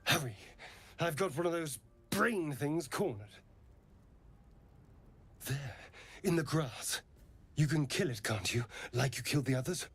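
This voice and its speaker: An actor voicing a haughty, sneering male elf companion in a video game, speaking in an arch, mocking, theatrical way with a husky voice. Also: on the high side, lively intonation, unhurried, long pauses, a bit bright, faint music behind, full character voice. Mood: urgent.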